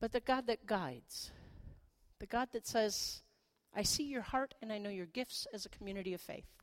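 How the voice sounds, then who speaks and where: A middle-aged woman pastor giving a sermon in a conversational, animated way, with playful asides. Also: medium pitch, normal speed.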